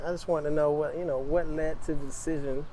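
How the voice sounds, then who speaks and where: A man interviewing a guest in a relaxed, casual way, laughing along. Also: a little high, brisk.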